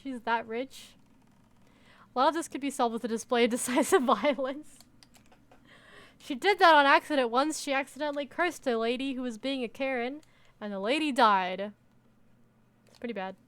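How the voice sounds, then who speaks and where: A woman's voice: high-pitched, normal speed, long pauses, fairly bright tone, no room sound. A woman streamer reading a story game aloud and commenting casually, swearing and laughing.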